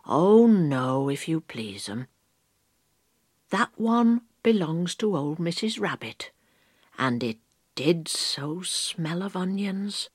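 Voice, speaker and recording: A woman's voice: on the low side, sing-song, slow, breathy edge, no room sound, clean studio sound, heavily acted. A woman putting on Mrs Tiggywinkle, a bustling hedgehog washerwoman. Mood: chatty, busy. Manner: bright polite chatter, eager exclaiming "oh". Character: small bustling female hedgehog washerwoman, polite and busy. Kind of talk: storybook read-aloud.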